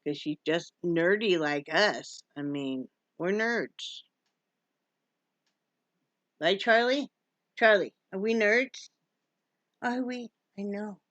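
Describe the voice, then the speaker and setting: A woman's voice: mid-range voice, a bit bright, no echo. A woman from Wyoming in a casual home vlog, chatty and joking and cooing at her dog. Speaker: vlogger. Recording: dull lo-fi sound.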